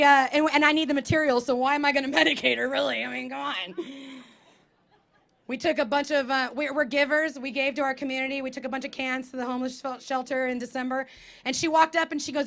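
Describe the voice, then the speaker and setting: A woman's voice: high voice, gravelly, fairly bright tone. A woman in her thirties performing a self-deprecating stand-up comedy set on an outdoor festival stage, speaking into a handheld mic with punchy timing.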